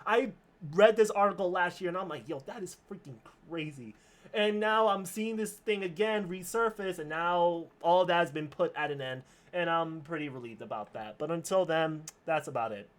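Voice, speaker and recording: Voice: mid-range voice, moderate pace. A streamer giving casual commentary on a news story, passionate and indignant, often restarting words.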